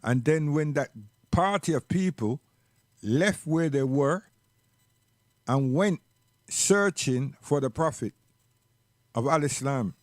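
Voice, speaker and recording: Man, reflective storyteller, unhurried delivery, dry close sound. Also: on the high side, lively intonation, no room sound. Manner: slow and reflective, repeats words for emphasis. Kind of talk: personal storytelling monologue.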